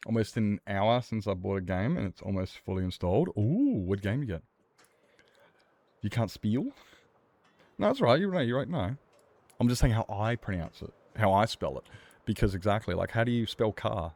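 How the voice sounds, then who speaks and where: During a game stream, a man casually chats with viewers in a lowish, darkish, animated voice at normal speed. He tends to ramble and argue, with the odd swear word.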